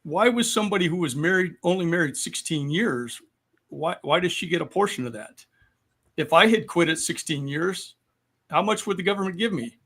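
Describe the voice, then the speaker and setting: A man in his sixties, a military veteran guest, explaining things in a measured way with frequent pauses. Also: fairly high pitch, expressive, a bit bright, husky. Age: 60s. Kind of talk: podcast discussion.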